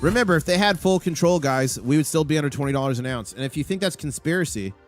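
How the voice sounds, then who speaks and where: Excitable man rattling off market prices. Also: on the high side, fast, soft background music. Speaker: livestream host. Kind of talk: live market commentary.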